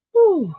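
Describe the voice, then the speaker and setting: A tired, yawning woman hosts a casual livestream, rambling and poking fun at herself as she chats with viewers. Her voice is high, and the audio is dry and tinny, like a phone, with no room sound.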